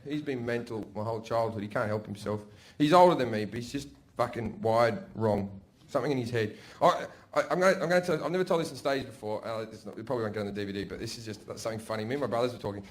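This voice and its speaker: A man's voice: mid-range voice, quick pace. A man with an Australian accent telling crude, profane stories in a stand-up routine on a comedy stage. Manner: crude, profane, conversational storytelling. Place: comedy stage before a live audience. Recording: echoey live comedy venue.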